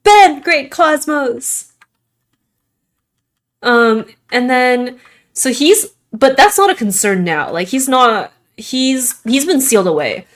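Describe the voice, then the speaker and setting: A woman's voice: on the high side, very animated, a little slow. Rambling young woman streamer, Valley Girl lilt. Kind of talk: casual gaming stream chat.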